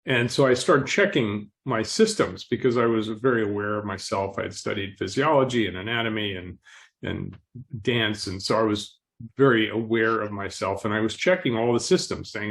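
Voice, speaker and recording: Calm man clearing his throat. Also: lowish voice, moderate pace. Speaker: podcast guest. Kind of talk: interview storytelling.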